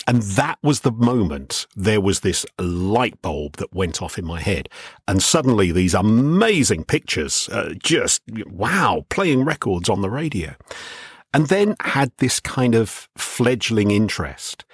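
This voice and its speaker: Middle-aged man, low husky voice, lively rise and fall, dry studio sound, radio guest telling stories. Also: unhurried, no room sound. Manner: animated storyteller, self-described shy. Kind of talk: radio interview storytelling.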